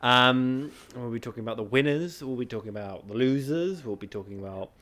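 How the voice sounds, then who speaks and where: A man's voice: medium pitch, brisk, fairly bright tone. A young man from Britain co-hosting a casual film podcast, rambling with lots of filler words. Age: young adult. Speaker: podcast co-host. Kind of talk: casual chat.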